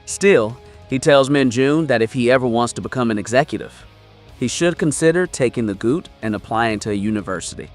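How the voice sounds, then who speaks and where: A man narrating a comic story recap in a steady, scripted storytelling delivery. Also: medium pitch.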